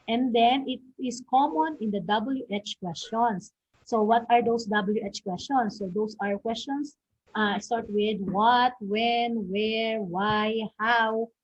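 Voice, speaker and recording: A woman's voice: fairly high pitch, slight background noise. A woman teacher explains stress and intonation, saying "okay" often and ending points with "no?". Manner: frequent "okay" and "no?" tags, models example words and questions aloud. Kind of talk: recorded online lesson. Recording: dull lo-fi audio.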